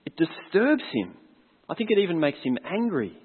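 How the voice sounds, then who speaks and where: A man's voice: on the high side, big pitch swings, moderate pace, slightly rough. A man preaching a sermon as a pastor, earnest and reflective, putting questions to his congregation. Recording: long hall reverb, tinny phone-like sound.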